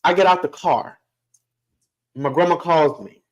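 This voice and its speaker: A man, a podcast guest, telling a family story in a casual, animated way, laughing often and acting out other people's voices. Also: fairly high pitch, measured pace, pauses often, rough recording.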